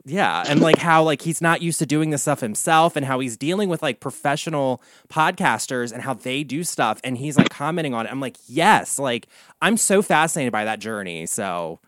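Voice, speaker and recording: A man hosting a casual podcast chat, gossiping and swearing freely, with big swings in pitch and loudness. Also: animated, normal speed, no room sound. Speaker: podcast host, comic and drag performer.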